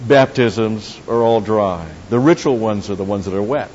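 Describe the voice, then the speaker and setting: A man's voice: on the low side, normal speed, few pauses, a little mellow. A man preaching a sermon in a conversational way, with asides and restarts, leading the congregation in prayer. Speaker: pastor. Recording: dull roomy hall recording with faint hiss.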